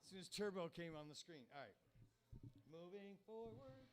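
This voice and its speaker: A man's voice: fairly high pitch, quick pace. A man in his fifties hosting a comedy show, talking to the crowd in a rambling, profane, conversational stand-up manner. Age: 50s. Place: comedy club stage.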